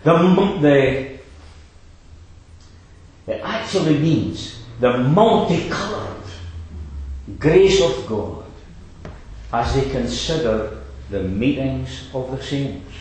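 A man's voice: medium pitch, animated, takes it slowly, long pauses, a little mellow, heavy reverb, low-quality recording. A man preaching a sermon, emphatic and fond of rhetorical asides to his congregation.

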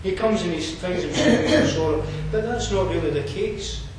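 Scottish guy preaching, kinda high voice, lots of uh's and restarts, sounds far off in a really echoey room. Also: moderate pace, a little mellow, a little hiss or hum. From Scotland. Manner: conversational, digressive, frequent fillers and restarts. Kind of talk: sermon.

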